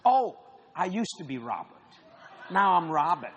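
A man's voice: fairly high pitch, sing-song, unhurried, fairly bright tone, a little hiss or hum. A male preacher voicing a chatty male furniture salesman in a story.

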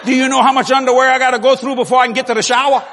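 A man preaching a sermon with jokes, swinging from low murmurs to loud shouts. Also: level tone, racing, a little hiss or hum. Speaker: pastor. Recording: long hall reverb, faint ambience.

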